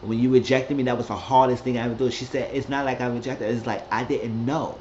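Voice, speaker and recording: A man recapping a TV episode in a loose, rambling way, jumping into characters' lines with a raised, lively voice. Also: quick pace, muffled recording, slight background noise. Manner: rambling, acts out quotes with raised pitch. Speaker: recap host.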